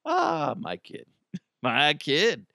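A man's voice: mid-range voice, expressive, unhurried, a bit bright, no echo, clean studio sound. A man in his thirties, a podcast host, telling stories in a casual, joking monologue and laughing often.

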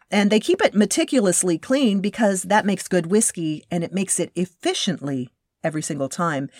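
A woman's voice: fairly low pitch, dry recording. Enthusiastic woman host, dry close sound. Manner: enthusiastic, self-correcting, searches for words. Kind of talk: casual narration about a craft distiller.

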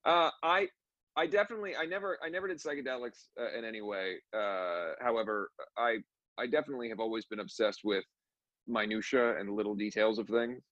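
A man's voice: fairly low pitch, brisk, a bit bright, dry recording, muffled recording. A young man, a musician, talking candidly in casual conversation and telling stories with frequent restarts. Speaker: musician guest.

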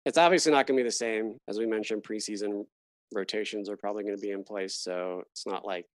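A man's voice: lowish voice, steady tone, fast talker, no echo. Chatty man hosting a casual podcast. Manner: chatty, laughs often, trails off mid-thought. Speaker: podcast host. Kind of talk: casual chat.

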